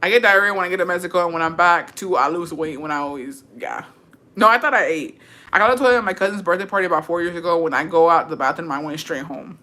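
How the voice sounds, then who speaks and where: A woman's voice: lowish voice, fast talker, bright, forceful tone. A woman telling crude stories in casual chat, laughing often and swearing freely, slipping Spanish words into her English. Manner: crude, profane, laughing storytelling. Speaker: content creator reading viewer stories.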